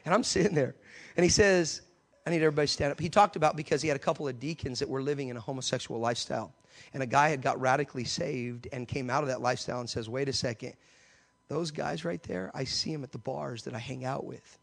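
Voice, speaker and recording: A man preaching a sermon, telling an animated story and acting out the voices in it. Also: mid-range voice, fast, vocal fry.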